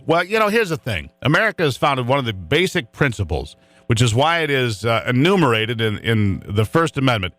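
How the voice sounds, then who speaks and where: A man's voice: medium pitch, big pitch swings, a little fast, a bit bright, no room sound. A middle-aged man hosting a talk radio show, preaching his opinions in a fiery, emphatic, repetitive way.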